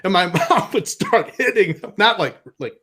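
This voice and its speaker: A man's voice: high-pitched, animated, normal speed, bright, forceful tone, slightly rough. A man from Minnesota doing a stand-up set on a live comedy stage, rambling, self-deprecating and laughing at his own jokes. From Minnesota, USA.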